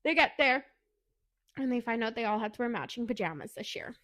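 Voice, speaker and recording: A woman co-hosting a podcast, chatting through a book's plot in a fairly high voice. She is animated and giggly as she retells it. She slips into a higher voice to act out the characters' lines. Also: a little fast. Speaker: podcast co-host. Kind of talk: casual book recap chat.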